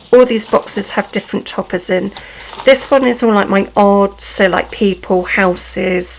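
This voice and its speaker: A woman with a hoarse, sore-throated voice gives a slow, hesitant, apologetic tour of her room, with many ums. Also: medium pitch. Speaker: crafting vlogger. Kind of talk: casual room tour vlog. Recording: dull lo-fi home video with faint noise.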